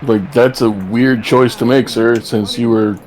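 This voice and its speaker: A man's voice: mid-range voice, fairly even intonation, a little slow, a little mellow. A man joining as guest co-commentator, bantering casually and teasing the host in a wry way.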